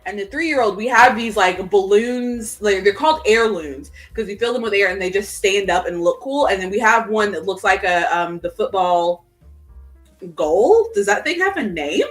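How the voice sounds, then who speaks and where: A woman co-hosting a casual chat show over a video call, telling animated stories and acting out the people in them. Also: mid-range voice, moderate pace, soft background music. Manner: animated, acts out voices while telling stories. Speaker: podcast co-host. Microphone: video call setup.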